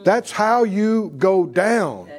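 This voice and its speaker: Animated high-voiced male preacher. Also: very slow, soft background music. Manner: animated call-and-response preaching. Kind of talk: sermon.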